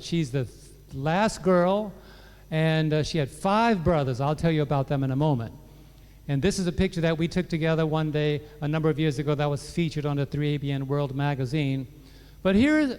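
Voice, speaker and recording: A man's voice: a little high, normal speed, smooth. A man sharing his personal testimony with a church audience, telling stories with joking asides. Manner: warm storytelling, joking asides. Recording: long hall reverb from a church PA.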